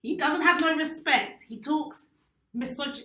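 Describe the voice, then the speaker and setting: A woman's voice: high-pitched, unhurried, sharp tone, far from the mic. A woman in casual podcast chat, often laughing as she talks. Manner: laughs often while talking. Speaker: podcast co-host. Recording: echoey room, off-mic, faint noise.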